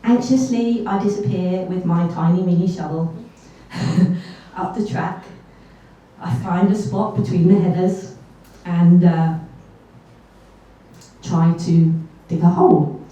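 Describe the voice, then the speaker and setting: A woman's voice: fairly low pitch, slow pace, mellow. A woman telling a true story on stage at a live event, chatty and self-deprecating, with little asides. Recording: echoey hall from far off.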